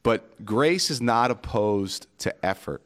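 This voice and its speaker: A man's voice: fairly low pitch, expressive, takes it slowly, a bit bright. A man, a pastor hosting a podcast, talking earnestly and reflectively about faith in casual conversation, quoting scripture and sayings.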